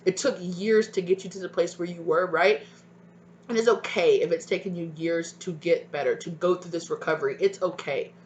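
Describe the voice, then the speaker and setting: A woman's voice: lowish voice, moderate pace, a little mellow, highs cut off, a little hiss or hum. A woman giving a tarot reading to her viewers, encouraging and emotional, tagging her sentences with "right?" and "okay?". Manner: spiritual, emotional, sometimes near tears. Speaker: tarot reader.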